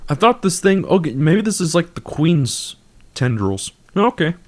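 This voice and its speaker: A man's voice: on the high side, sing-song, measured pace. A young man streaming a game, chatting casually in a rambling, laughing, self-mocking way through a desk microphone with auto-tune on. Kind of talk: casual gameplay commentary.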